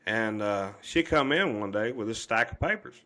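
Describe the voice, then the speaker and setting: A man's voice: on the low side, lively intonation, normal speed, sharp tone. Earnest man telling a story. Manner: earnest, rambling, with many fillers and restarts. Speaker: podcast guest. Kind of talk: personal storytelling in an interview.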